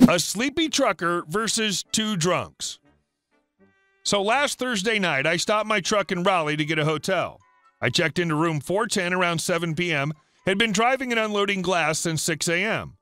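A man reading a first-person story aloud as a scripted narration, in a flat deadpan storytelling manner. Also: high-pitched, no room sound.

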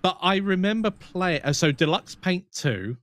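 A man's voice: sits high, expressive, normal speed, a bit bright, no echo. Man, casual chat, reminiscing, dry close sound. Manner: reminiscing, chatty. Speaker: podcast co-host.

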